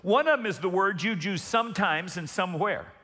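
Animated preacher in a reverberant hall. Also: male voice, sits high. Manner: calls for congregation responses, emphatic with slow stressed words. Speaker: pastor. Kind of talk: sermon.

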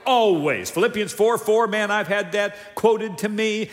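A man preaching a sermon as a pastor, animated, moving between soft asides and emphatic lines. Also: high-pitched, a little slow, few pauses, big-room sound.

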